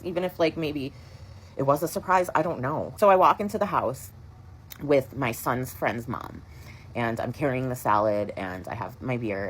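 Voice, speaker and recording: A woman's voice: extremely low pitch, slight background noise, rough recording. A woman in her thirties tells an upsetting personal story, shaken and rambling with lots of fillers. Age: 30s. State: shaken and distraught.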